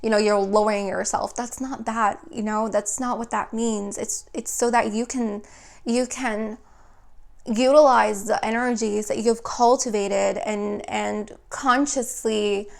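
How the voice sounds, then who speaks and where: Creaky-voiced woman giving a tarot reading. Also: medium pitch, steady tone, unhurried. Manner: meandering, reassuring, often checks in with "okay?". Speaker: tarot reader.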